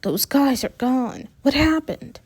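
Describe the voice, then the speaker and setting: A woman's voice: sits high, animated, slow, darkish tone, slightly rough, exaggerated voice. Woman voicing a worried young guy passerby, anxious questions, a bit raised voice, storybook reading. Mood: concerned. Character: helpful young male passerby, concerned.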